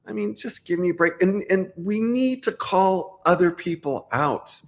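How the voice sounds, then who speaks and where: A man's voice: sits high, lively intonation, a little slow, gravelly, few pauses. A man, a life coach, talking straight to camera in a blunt, opinionated way with many restarts. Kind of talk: casual talking-head monologue.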